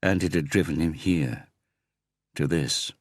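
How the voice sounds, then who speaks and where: A man narrating a crime thriller audiobook in a steady, even storytelling manner. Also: a bass voice, a little slow, dry recording, studio quality. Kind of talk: scripted narration.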